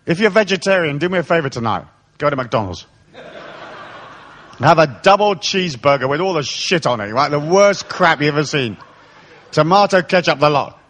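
A man's voice: on the high side, lively intonation, moderate pace, fairly bright tone. A man giving a live spiritual lecture, irreverent, joking and profane. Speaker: spiritual speaker.

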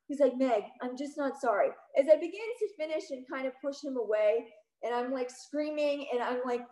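A woman telling a personal story on stage, emotional and quick, with many "like"s. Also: fairly high pitch. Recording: roomy echo.

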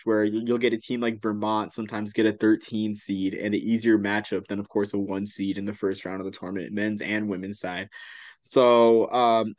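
A man's voice: fairly low pitch, no echo. A congested man hosting a sports podcast, chatty and often restarting his sentences. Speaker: podcast host. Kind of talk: casual podcast interview.

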